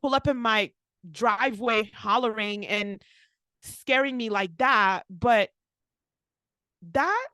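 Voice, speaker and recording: A woman's voice: a little high, takes it slowly, long pauses, dry recording. A young woman, a pharmacist co-hosting a podcast, telling a story casually, saying "like" a lot and acting out what people said. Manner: animated, acts out quotes, frequent "like".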